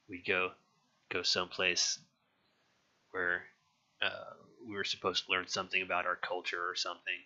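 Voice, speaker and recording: Recorded in dull lo-fi, an interviewee from California looks back candidly on growing up, rambling with many restarts and some cursing. The young man's voice is low-pitched, pushed and bright.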